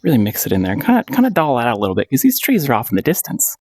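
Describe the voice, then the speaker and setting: Playful, animated paint-along instructor. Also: medium pitch, rapid-fire, no echo, studio quality. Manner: playful and encouraging, with frequent giggles and repeated phrases. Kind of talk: casual paint-along tutorial.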